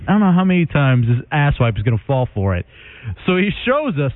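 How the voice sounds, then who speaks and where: Brash high-voiced radio host. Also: male voice, sing-song, fairly quick. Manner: brash, teasing, laughs often. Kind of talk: morning radio banter. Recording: narrow phone-like radio broadcast.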